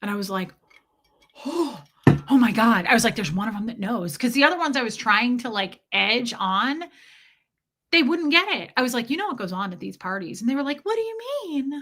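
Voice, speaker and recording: Bright-voiced woman telling a story. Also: a little high, a little fast. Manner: profane, animated, quotes others in dialogue. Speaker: streamer telling her own story. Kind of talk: casual storytelling to a live chat.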